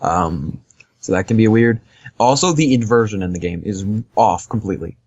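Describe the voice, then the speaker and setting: A man's voice: lowish voice, expressive, normal speed, a little mellow, no room sound, highs cut off. A man co-hosting a podcast, casually rambling through a game review with lots of fillers and easy laughs. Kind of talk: casual chat.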